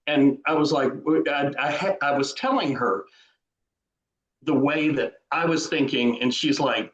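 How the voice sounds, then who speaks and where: A man with a Southern drawl, a guest author talking casually in an interview, slow and full of restarts. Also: mid-range voice, highs cut off. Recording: roomy echo.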